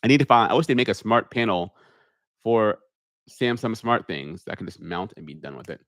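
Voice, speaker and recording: A man's voice: on the low side, fairly quick, a bit bright, dry recording, studio quality. Man in his put-on public speaking voice. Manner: reads viewer questions aloud, then answers plainly. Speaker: airline pilot answering viewer questions. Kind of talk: live Q&A stream, casual chat. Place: home media room with green screen. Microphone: studio microphone on a holder.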